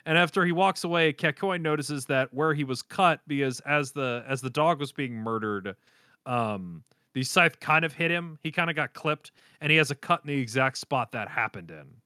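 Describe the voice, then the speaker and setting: A man co-hosting a casual anime recap, animated and laughing often as he acts out silly lines. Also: a little high, moderate pace, dry recording, studio quality. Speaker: podcast co-host.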